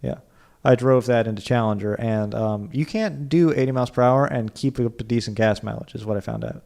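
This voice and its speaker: A man's voice: mid-range voice, brisk, gravelly, a little mellow. Rambling guy on a car podcast. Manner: rambling, lots of "like", puts on silly accents. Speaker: podcast co-host. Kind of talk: casual chat.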